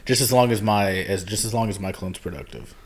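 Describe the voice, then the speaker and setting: A man's voice: fairly low pitch, a little fast. A man hosting a podcast in casual chat, rambling and loose with lots of ums and restarts. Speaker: podcast host. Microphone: podcast microphone.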